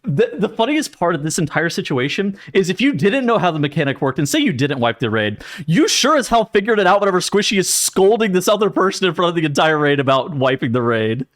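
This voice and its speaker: High-voiced young man telling raid stories. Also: sing-song, fast talker, hardly any pauses, fairly bright tone. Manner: storytelling, laughing, mimics others. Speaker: podcast co-host. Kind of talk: casual gaming chat.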